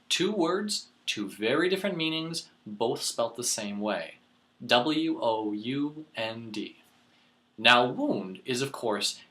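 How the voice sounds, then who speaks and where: A man teaching a lesson, explaining words clearly and deliberately, slowing down to spell them out letter by letter. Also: mid-range voice, sharp tone. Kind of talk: teaching demonstration.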